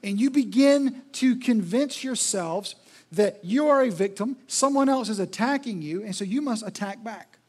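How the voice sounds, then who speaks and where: A man's voice: high voice, lively intonation, normal speed, a little mellow. A male pastor preaching a sermon in an emphatic, repetitive, rhetorical style.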